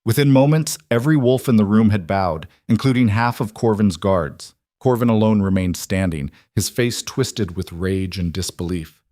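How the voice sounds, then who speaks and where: A man narrating a scripted fantasy story in a dramatic, steady way. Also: lowish voice, normal speed, no echo, studio quality.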